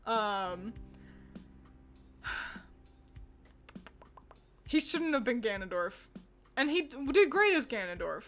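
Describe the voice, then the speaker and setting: A woman's voice: fairly high pitch, lively intonation, unhurried, pauses often, a bit bright, soft background music. A woman streamer in casual, rambling chat, laughing often as she reacts to fan art.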